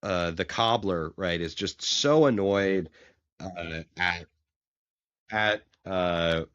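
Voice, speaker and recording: A man's voice: low-pitched, takes it slowly, fairly bright tone, clear, resonant tone, dry recording, muffled recording. A man co-hosting a casual chat about comics, enthusiastic and often restarting his sentences. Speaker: podcast co-host.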